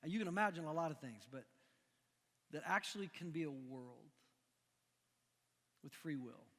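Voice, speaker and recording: A middle-aged man from Missouri preaching a conversational sermon, animated and full of restarts. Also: fairly high pitch, moderate pace. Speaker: pastor. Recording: long echoing hall reverb.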